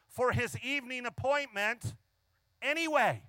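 A man preaching a sermon, emphatic, drawing out key phrases slowly and asking the congregation frequent questions. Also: very high-pitched, sing-song, pushed and bright, dry recording.

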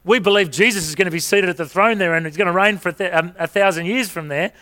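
Bright-voiced man preaching. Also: high voice, fast talker. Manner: conversational storytelling with rhetorical questions. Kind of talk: sermon.

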